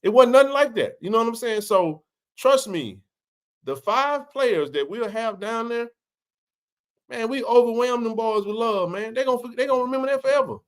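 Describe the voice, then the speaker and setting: Animated slangy man hosting a sports chat. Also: very high-pitched, a little slow, clean tone. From Mississippi. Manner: animated storyteller, slangy and emphatic. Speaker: show host.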